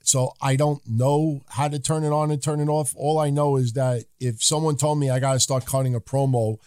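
A man co-hosting a podcast, reading listener names and giving calm, measured opinions in casual chat. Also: mid-range voice, no echo, clean studio sound. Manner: calm, measured, occasionally swearing. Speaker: co-host.

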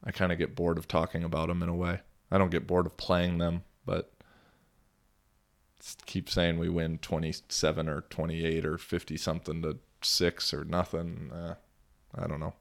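A young man hosts a casual solo podcast, rambling through a story in a laid-back manner with casual swearing and a slightly tired sound. His low voice has vocal fry and a completely flat delivery at normal speed.

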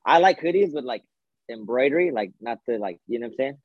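A man who is a podcast guest, chatting casually in fast slang and swearing, recorded through earbuds with a dull, lo-fi sound. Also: mid-range voice, lively intonation, no echo. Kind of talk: casual chat. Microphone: earbuds on a phone.

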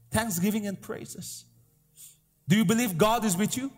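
A pastor with a high voice preaches at normal speed, making emphatic, repeated declarations and calling on the congregation to respond. The live sermon echoes through a hall with faint music underneath.

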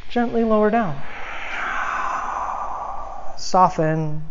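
A woman guides a yoga class in a calm, unhurried voice of middling pitch. She drifts into easygoing, chatty asides full of "like"s. The recording sounds dull and lo-fi. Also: background noise. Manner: calm cueing with casual asides, many "like"s. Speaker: yoga teacher.

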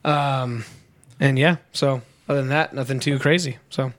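A young man co-hosting a casual podcast, telling a story with lively mimicry of other people. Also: normal speed. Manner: animated storyteller, mimics others with sudden high voices. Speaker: podcast co-host.

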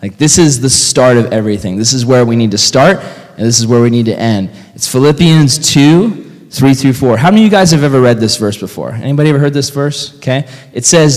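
A young man preaching a casual youth sermon, telling stories in an animated way and saying "like" a lot. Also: mid-range voice, brisk. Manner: animated storytelling, heavy use of "like". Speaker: youth pastor. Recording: long reverb of a hall.

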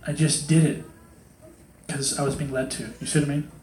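A man's voice: a little high, little pitch movement, brisk, darkish tone. A man in his thirties giving a casual, joking sermon, acting out quoted voices as he talks. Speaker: preacher. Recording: echoey hall.

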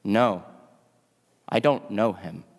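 A man's voice: mid-range voice, normal speed, close to an everyday voice. A man voicing Peter, a bold but frightened grown fisherman, within a sermon. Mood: pleading. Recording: long hall reverb.

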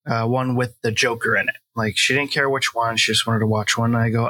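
A man's voice: mid-range voice, fairly even intonation, fairly quick, few pauses, pushed and bright, no room sound. A middle-aged man chatting casually about a film, rambling with lots of fillers and laughing often. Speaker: podcast co-host. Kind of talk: casual film review chat.

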